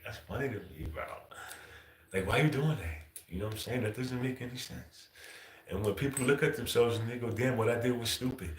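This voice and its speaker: Male livestream host, mid pitch, casual and profane, "bro" in every line, echoey room. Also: fairly bright tone, a little hiss or hum. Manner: loose, profane, says "bro" constantly, chuckles often.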